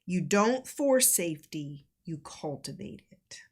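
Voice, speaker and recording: Low-voiced woman co-hosting a relationship talk. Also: animated, takes it slowly, husky. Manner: earnest, encouraging, reads viewer questions. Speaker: co-host. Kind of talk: casual relationship chat.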